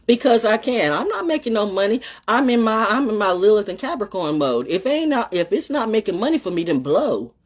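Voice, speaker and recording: A woman rants into her phone on a casual livestream, blunt and profane. Her husky voice leaps wildly up and down, sliding from sermon-like scolding into teasing sing-song chants. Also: medium pitch, sing-song, brisk, few pauses. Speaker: livestream host. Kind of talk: off-the-cuff ranting livestream.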